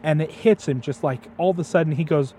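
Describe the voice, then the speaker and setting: A man's voice: on the high side, fairly quick, mellow, a little hiss or hum. Eager young man retelling a story. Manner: passionate retelling, stumbles over repeated "and". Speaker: guest, host's son. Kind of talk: casual storytelling chat.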